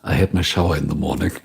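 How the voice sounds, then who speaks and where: A man with a German accent hosting a livestream, chatting casually and directly with his viewers in a relaxed, unhurried way. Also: sits low, creaky, husky. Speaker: livestream host.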